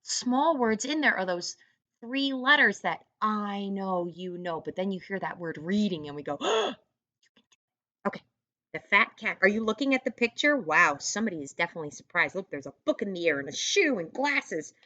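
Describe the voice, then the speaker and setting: A woman teaching an online first grade reading lesson, encouraging young children and sounding out words slowly. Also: mid-range voice, expressive, pushed and bright, no room sound, dull audio.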